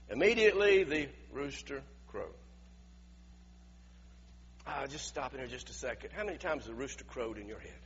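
A man's voice: medium pitch, a bit bright, in a large hall, highs cut off, slight background noise. A male preacher giving a conversational sermon, asking his listeners questions as he retells a scripture passage. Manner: conversational, asks the audience questions.

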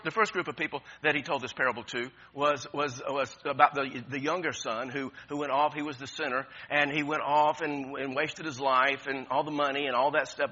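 A pastor with a slightly high, husky voice preaches with passion, his tone pushed and bright. He repeats phrases and restarts often, and the audio has its highs cut off.

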